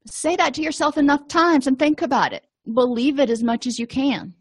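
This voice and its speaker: A woman's voice: sits high, lively intonation, moderate pace, few pauses, dry recording, clean studio sound. A middle-aged woman counselor teaching a lesson, explaining in a conversational way with everyday examples. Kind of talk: recorded lecture.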